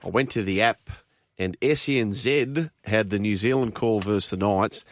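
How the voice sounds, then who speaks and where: A man's voice: fairly low pitch, normal speed. A man hosting sports radio, enthusiastic and a little rambling. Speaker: radio host.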